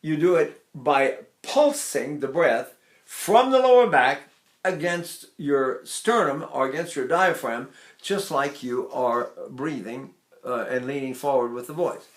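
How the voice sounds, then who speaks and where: A man's voice: medium pitch, unhurried, reverberant. An older male voice teacher giving a rambling, chatty lesson on singing technique, often breaking into short sung vowel demonstrations.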